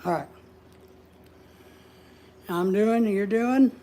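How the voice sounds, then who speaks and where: A woman's voice: medium pitch, very slow, warm tone, a little hiss or hum. A woman hosting a casual livestream, chatting in a rambling way and reading viewer comments aloud. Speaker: livestream host.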